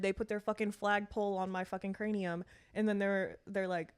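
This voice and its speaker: A woman's voice: mid-range voice, little pitch movement, brisk, clear, resonant tone. Candid young woman in casual chat. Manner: candid, swearing, self-mocking. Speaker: podcast co-host.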